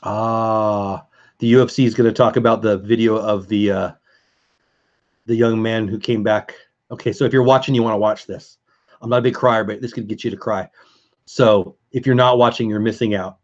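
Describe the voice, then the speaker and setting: A man's voice: lowish voice, fairly even intonation, normal speed, lo-fi sound. A man hosting a casual live stream, chatting with viewers and answering chat as he goes.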